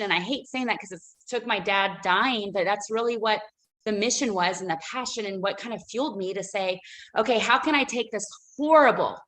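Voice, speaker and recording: A woman's voice: medium pitch, a bit bright, rough recording. Woman guest on a radio show, emotional and rambly, lots of fillers and restarts. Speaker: guest, business owner. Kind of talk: radio interview storytelling.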